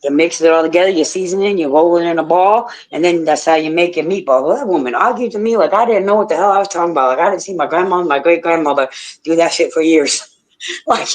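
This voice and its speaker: A woman's voice: fairly low pitch, fast, poor audio. A woman hosting a live radio chat who tells rambling stories, laughs often and swears freely. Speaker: radio show host.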